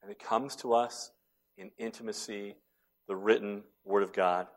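A middle-aged male pastor with a lowish, steady voice preaches at a normal speed. His delivery moves between soft, near-whispered passages and loud, emphatic declarations.

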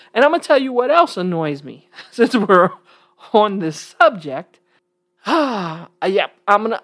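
A woman from New York talking casually to her viewers, blunt and emphatic, with frequent chuckles. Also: on the high side. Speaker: vlogger. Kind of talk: casual talk to camera.

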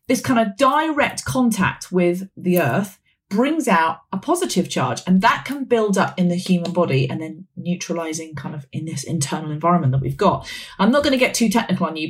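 A woman around forty, hosting a wellness podcast in a chatty, rambling way with frequent laughs. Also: fairly low pitch. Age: 40s. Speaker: podcast host. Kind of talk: casual wellness podcast chat.

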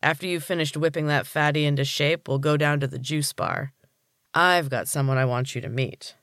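A man's voice: fairly high pitch, steady tone, normal speed, fairly bright tone, clear, resonant tone, dry recording, studio quality. A man voicing a smug, commanding older gym boss in a read-aloud story.

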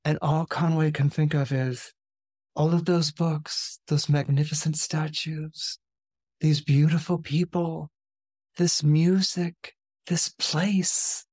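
A man's voice: a little high, little pitch movement, slow pace, a little mellow, no room sound, clean studio sound. A man hosting a podcast who retells a story casually and conversationally, with frequent fillers. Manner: conversational, with fillers like "you know". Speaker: astrologer podcast host.

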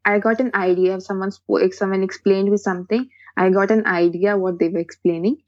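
A woman's voice: mid-range voice, fairly even intonation, a little fast, no room sound. Woman, Pakistani accent, podcast guest; hesitant, restarts a lot, dull and dry line. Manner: hesitant, restarts phrases, frequent "like". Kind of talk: casual interview chat.

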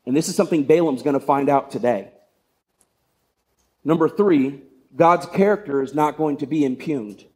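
A man's voice: a little high, normal speed, pauses often, darkish tone. A male pastor giving a sermon, retelling a story in a conversational way with rhetorical questions.

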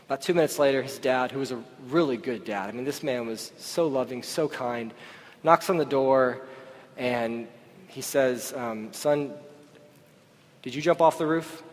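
A man's voice: mid-range voice, unhurried. A pastor preaching a sermon to his church, telling a personal story in a conversational way. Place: church service. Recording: long hall reverb.

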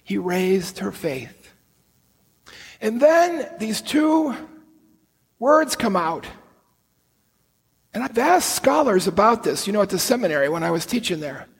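A man preaching a sermon, telling the story with slow, deliberate emphasis in an earnest manner. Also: high-pitched, sing-song, creaky, breathy edge, in a large hall, rough recording. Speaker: priest.

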